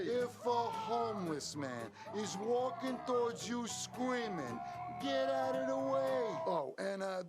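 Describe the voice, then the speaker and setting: Guy doing a high, bouncy new york puppet dude, gruff wisecracker, music going behind him. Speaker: tourist guide character. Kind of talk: comic puppet-show monologue.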